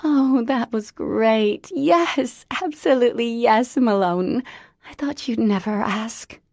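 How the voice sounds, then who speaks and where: A woman voicing a flustered, tearful young woman in love, speaking high and breathless. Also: very slow, darkish tone, no room sound, studio quality. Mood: tearful joy.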